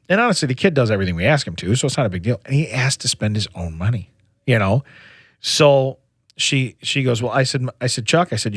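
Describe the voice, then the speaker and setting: A man's voice: mid-range voice, no echo, studio quality. A middle-aged man co-hosting a podcast, telling a long family story in casual chat with many restarts and "you know"s. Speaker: podcast co-host.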